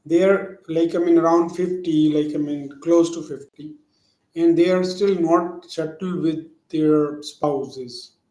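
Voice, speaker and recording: A man in his forties asking a halting question on a video call, pausing often. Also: a little high, fairly even intonation, dark tone, echoey room, rough recording. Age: 40s. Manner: hesitant, many fillers and restarts. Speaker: audience member asking a question.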